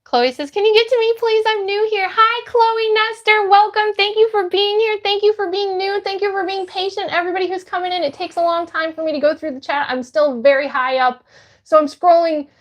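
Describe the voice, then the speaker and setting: High-voiced woman streamer reading chat. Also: steady tone, brisk, fairly bright tone. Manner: upbeat, greets viewers by name. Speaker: livestreamer.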